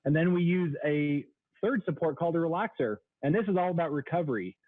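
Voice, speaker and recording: A man's voice: fast, no room sound. A man in his thirties, a sales trainer, explaining products as a guest on a radio show. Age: 30s. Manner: explanatory, product-pitch delivery. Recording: tinny phone line, dry.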